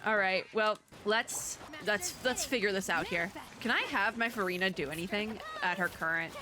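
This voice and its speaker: A young woman doing let's play commentary on a video game, animated and chatty, laughing to herself. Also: medium pitch, moderate pace. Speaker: gaming YouTuber.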